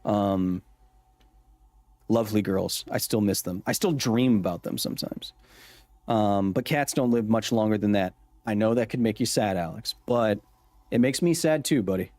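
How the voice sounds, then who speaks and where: A man's voice: on the low side, normal speed, darkish tone, dry recording. A man hosting a casual gameplay livestream, joking as he reads and answers his chat's messages. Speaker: livestream host.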